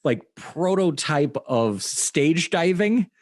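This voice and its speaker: Guy cohosting a horror podcast, lively up and down voice, laughs a lot, dry close mic. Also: fairly high pitch, slow, no echo. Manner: laughs often, animated, acts out quotes. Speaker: podcast co-host. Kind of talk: casual chat about a horror film.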